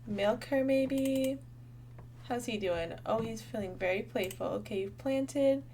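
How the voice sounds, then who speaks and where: A woman in her twenties chats her way through a farming game, bubbly and thinking out loud to her viewers. Her voice sits a little high and she talks at an easy, unhurried pace. Faint keyboard tapping ticks along behind her. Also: a little hiss or hum. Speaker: gaming channel host. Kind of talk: casual gameplay commentary.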